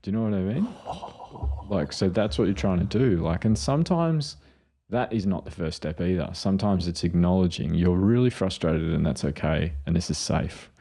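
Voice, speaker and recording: A man with a very low, gravelly and husky voice. He talks through parenting ideas in a casual podcast chat. He slips into quoted voices to tell his stories. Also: animated, moderate pace, mellow. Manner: storytelling, acts out quotes. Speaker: podcast co-host, mental health clinician.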